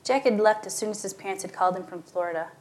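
A woman reading a short story aloud as narrator, shifting her pitch and volume for the dialogue. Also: fast talker.

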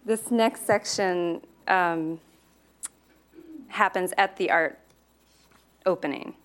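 A woman reading aloud from her own novel, with relaxed, hesitant asides between passages. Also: lowish voice, slow pace.

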